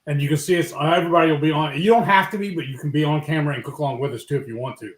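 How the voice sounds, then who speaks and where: Guy cohosting a cooking stream, kinda high for a man, rambles with lots of uh and um, roomy echo. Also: very fast. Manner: rambling, searching for words with fillers. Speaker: co-host of a live cooking stream. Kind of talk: casual live-stream chat. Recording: echoey room.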